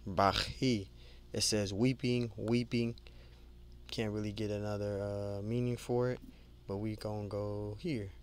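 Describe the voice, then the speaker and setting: A man's voice: on the low side, little pitch movement, a little mellow, smooth. Man giving a casual Bible study. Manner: conversational, repeats and restarts words, adds "man" and "you know"; reads scripture aloud slowly, then lists word meanings. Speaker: Bible teacher. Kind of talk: informal Bible study talk.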